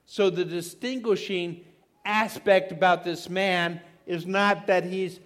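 A middle-aged male preacher with a fairly high voice delivers a sermon. He leans hard on key words, drawing them out slowly. He keeps asking rhetorical questions to pull his listeners in. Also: fairly even intonation, a bit bright.

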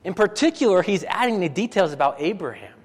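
A man preaching a sermon as pastor, animated and full of rhetorical questions, often repeating phrases for emphasis. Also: sits high, fast talker, husky, in a large hall.

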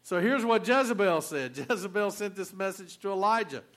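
A man's voice: high-pitched, moderate pace, a bit bright. A man telling a Bible story in a casual sermon, folksy and joking, with many restarts. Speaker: preacher.

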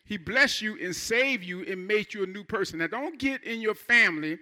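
Bright high-voiced male preacher. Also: expressive, moderate pace. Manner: fervent preaching with call-and-response. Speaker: pastor. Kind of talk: sermon. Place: church.

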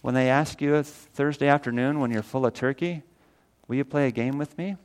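A man's voice: mid-range voice, fairly even intonation, a little fast. A man preaching a sermon, folksy and earnest, speaking with energy. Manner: folksy, earnest preaching, rises loud when quoting scripture. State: briefly tearful. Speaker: pastor.

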